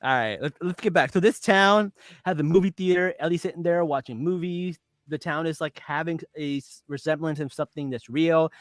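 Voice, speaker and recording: A man with a fairly high voice hosts a casual podcast, playful and joking as he retells scenes by acting them out. The recording is dry and close. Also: a little fast, no echo. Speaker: podcast host. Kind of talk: casual TV recap chat.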